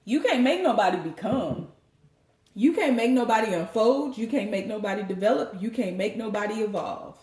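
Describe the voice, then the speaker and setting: Animated woman giving a tarot reading. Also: mid-range voice, moderate pace. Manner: animated, preachy, joking, profane. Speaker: tarot reader. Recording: roomy echo.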